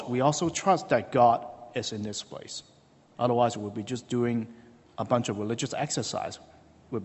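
Man preaching in a church, kinda high voice, rambly storytelling with lots of "you know", big reverb tail. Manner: chatty and storytelling, many fillers, acts out dialogue. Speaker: hospital chaplain preaching. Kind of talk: conversational sermon with a story. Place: church sanctuary.

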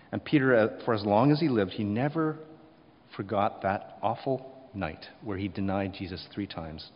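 A man preaching a sermon, rising to loud emphasis and then dropping quiet, often acting out short quotes. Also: lowish voice, big-room sound, highs cut off. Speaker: pastor.

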